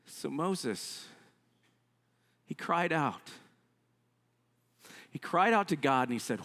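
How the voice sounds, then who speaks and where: A male pastor delivers a sermon in an unhurried, deliberate way, his voice rising and falling widely as he retells a story. He talks conversationally, sprinkling in asides and acting out the complaints of the people in the story. The sound rings with the long reverb of a church sanctuary. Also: a little high. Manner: animated storytelling, acts out quoted complaints; conversational, frequent "I mean" asides.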